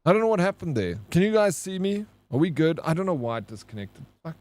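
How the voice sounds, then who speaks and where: A man's voice: fairly high pitch, big pitch swings, fast talker, darkish tone. A man with a South African accent, chatting casually with his live-stream chat as he plays, greeting viewers by name and swearing freely. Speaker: game streamer.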